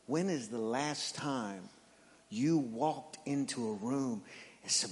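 A man who is a pastor, preaching a sermon in an animated storytelling manner that moves from playful to earnest. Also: medium pitch, slow, in a large hall.

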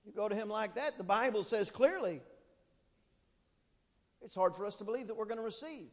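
A man preaching a sermon as pastor, fervent and building to shouted emphasis, with drawn-out dramatic phrasing. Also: high-pitched, animated, long reverb tail. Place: church sanctuary.

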